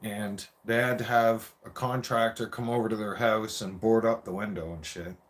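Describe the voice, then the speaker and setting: A man's voice: fairly low pitch, steady tone, normal speed. A man in his forties telling a rambling, profane childhood story in a casual rant.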